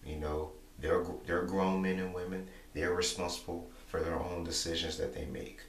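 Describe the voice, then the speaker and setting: Deep-voiced man rambling in an echoey room. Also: little pitch movement, normal speed. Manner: repetitive, rambling, many "you know" fillers. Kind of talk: casual monologue vlog. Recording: echoey room, distant mic, faint hum.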